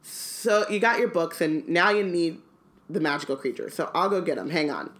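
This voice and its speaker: A woman reading aloud the lines of a big, gruff male half-giant teacher. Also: on the low side, lively intonation, normal speed, fairly bright tone, echoey room. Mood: cheerful. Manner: read aloud from a book.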